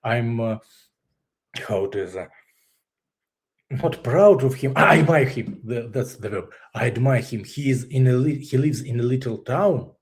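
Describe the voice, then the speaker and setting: A man from Russia with a Russian accent, a guest telling his personal story candidly in English, his second language, pausing to search for words and laughing often. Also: mid-range voice, animated, dark tone.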